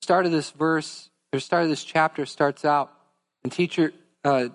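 A fairly high-voiced man preaching as pastor, earnest and conversational as he speaks straight to the congregation. His voice carries a long reverb from a church sanctuary. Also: fairly even intonation, a little slow. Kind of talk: sermon.

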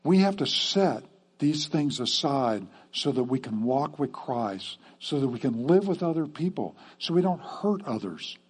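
A man's voice: mid-range voice, big pitch swings, unhurried, slightly rough. A man preaching a sermon to his church in a conversational way, often checking in with the congregation with "okay?". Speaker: pastor.

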